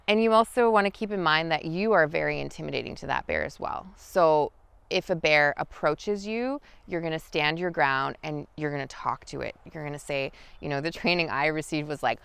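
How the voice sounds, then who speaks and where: A woman guiding an outdoor lesson in the forest, talking in a relaxed, chatty way with many fillers. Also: low voice, a little fast, gravelly, smooth, dry recording. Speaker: wild food guide. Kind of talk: outdoor teaching talk.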